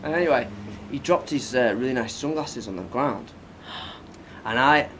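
Man, podcast co-host, slangy and deadpan storyteller, faint background noise. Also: medium pitch, normal speed. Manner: laid-back, wry, slangy. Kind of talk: casual storytelling.

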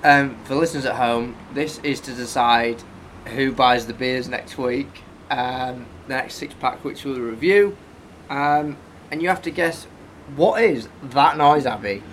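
A man's voice: medium pitch, a little slow, a bit bright, slight background noise. A man, co-hosting a casual podcast and telling stories with a dry, mumbling humour. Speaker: podcast co-host. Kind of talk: casual banter.

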